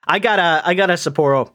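A male podcast host talking in casual, meandering chat. His voice sits a bit high, and he keeps things jokey with frequent laughs. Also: bright, forceful tone. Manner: jokey, laughs often, rambling.

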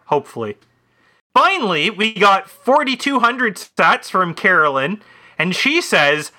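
A man's voice: high voice, sing-song, a little slow, bright, forceful tone. A man co-hosting a podcast, chatting casually with dry, teasing remarks. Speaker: podcast co-host.

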